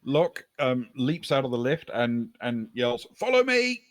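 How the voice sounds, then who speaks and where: A man narrating a tabletop game as game master, describing scenes in an unhurried way with many pauses. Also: mid-range voice, a little mellow, dry recording.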